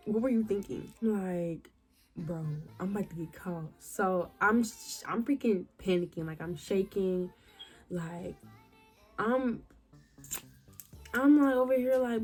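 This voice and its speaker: An animated young woman tells a casual storytime, full of slang, and acts out her own past lines. Her voice sits at an everyday middle pitch, with faint music playing behind her. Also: moderate pace. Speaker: vlogger.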